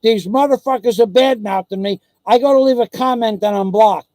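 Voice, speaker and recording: A man's voice: sits high, normal speed, hardly any pauses, darkish tone, dry recording. A man ranting angrily into his own video, swearing nonstop and mocking the people he is complaining about. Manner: furious, swearing constantly, mocking others. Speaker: vlogger. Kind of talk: angry profane rant.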